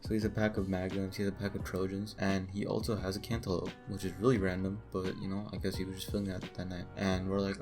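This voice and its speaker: A man's voice: sits low, little pitch movement, fast talker, few pauses, music in the background. A man telling a crude, joking story in a casual, rambling way, full of asides. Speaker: storytime vlogger.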